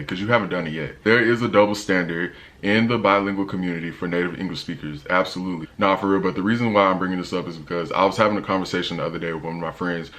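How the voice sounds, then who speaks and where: A man's voice: low voice, a bit bright. An American man, a young adult, talking casually to camera in a travel vlog, slangy and emphatic. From United States. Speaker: travel vlogger.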